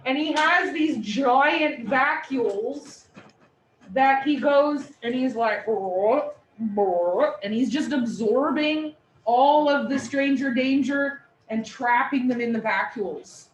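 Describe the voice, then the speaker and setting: A woman instructor giving a lively, playful classroom lecture. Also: sits high, slow pace. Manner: animated, playful explanations. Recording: echoey room, distant mic, faint noise.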